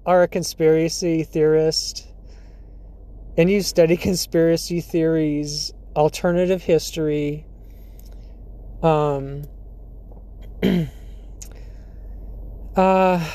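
A podcast host talking alone in a casual monologue, laughing often between thoughts and pausing with fillers and throat clearing. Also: mid-range voice, warm tone.

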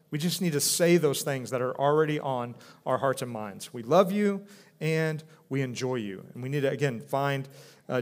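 A man in his thirties, a pastor, preaching in an earnest, conversational way with many restarts. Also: fairly high pitch. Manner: earnest, conversational, with frequent restarts and a soft drop for quoted speech. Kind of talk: sermon.

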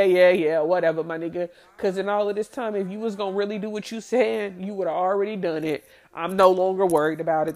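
A woman telling a personal story from her past, candid, blunt and profane. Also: fairly low pitch.

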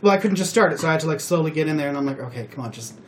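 A man with a slightly high voice talks through his own stories on a casual podcast. He rambles and stacks up fillers as he goes, and his delivery stays animated. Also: rapid-fire. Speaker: podcast host. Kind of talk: casual chat.

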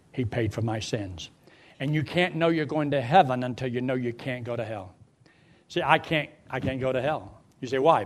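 An older man preaching a sermon, swinging from loud outbursts to low, quiet pleading.

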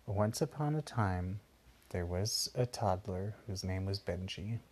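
A man's voice: low voice, lively intonation, measured pace, a little mellow, a little hiss or hum. A man patiently improvising a bedtime story for a child and explaining things along the way. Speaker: parent telling a bedtime story.

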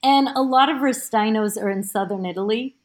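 A woman guest on a podcast, a teacher, chatting and explaining in a halting way with many restarts, heard over a remote call. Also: on the high side. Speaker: guest, teacher of Italian studies. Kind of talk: casual podcast chat.

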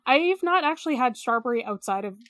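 High-pitched female co-host, rambling and hesitant, dry close recording. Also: expressive, fairly quick, fairly bright tone, no echo. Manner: rambling, hesitant, many fillers. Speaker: podcast co-host. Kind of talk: casual podcast chat.

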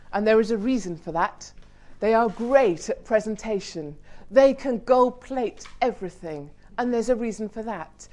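A middle-aged British woman speaking on a business panel, blunt and humorous, growing more animated as she urges the audience on. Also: mid-range voice. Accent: British English. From United Kingdom. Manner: blunt, energetic, humorous, mildly swearing. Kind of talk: lively panel talk to an audience.

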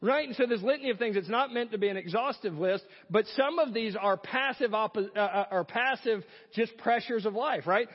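A man's voice: high voice, brisk, hardly any pauses, husky, in a large hall, lo-fi sound. A pastor delivering an earnest sermon, asking rhetorical questions as he preaches.

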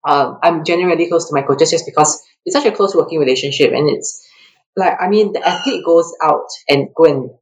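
A woman from Singapore, a track athlete guest telling stories in a casual interview. She is animated and laughs often, and her pitch jumps up when she acts out quotes. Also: brisk, rough recording.

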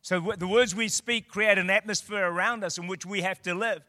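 A man preaching a sermon in a church, impassioned and building to shouted declarations. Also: high voice, steady tone, brisk, dry recording, clean studio sound, big-room sound. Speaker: guest preacher. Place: church auditorium.

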